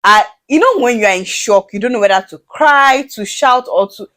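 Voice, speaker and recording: A young woman with a Nigerian accent tells a personal story for her vlog. She swings up and down in pitch as she acts out every line of dialogue, and her voice stays lively from start to finish. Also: normal speed. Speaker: vlogger.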